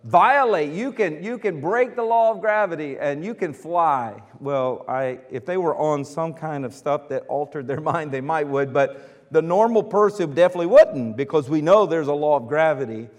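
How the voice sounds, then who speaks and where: A middle-aged American pastor preaches to his congregation in a lively, questioning way. His voice sits a little high for a man. It rings out with the long reverb of a church hall. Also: normal speed. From United States. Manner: animated, asks the congregation questions. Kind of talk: sermon with congregational call-and-response.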